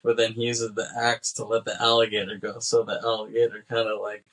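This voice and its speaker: A man's voice: on the low side, monotone, fairly quick, a bit bright, poor audio. A man co-hosting a podcast, casually recapping a film scene by scene, acting out the characters' lines and laughing between them. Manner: rambling recap with acted-out quotes and laughs. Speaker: podcast co-host.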